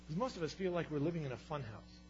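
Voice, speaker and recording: A man preaching a sermon, telling stories with lively swings between loud and hushed delivery. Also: fairly high pitch, fast. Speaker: pastor. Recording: dull sound with faint hum.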